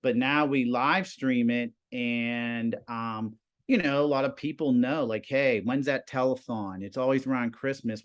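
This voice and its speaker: A man in his forties, a high school TV production teacher, chatting in an interview and telling animated stories with lots of "you know" and "like". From Pennsylvania, US. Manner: animated storyteller, many fillers. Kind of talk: casual interview chat.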